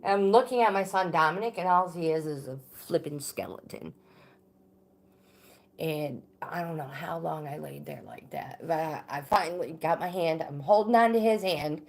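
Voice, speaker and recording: A middle-aged woman hosting a livestream, telling a personal story in a casual, halting way with frequent fillers and restarts. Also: sits low, a little mellow. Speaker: livestream host.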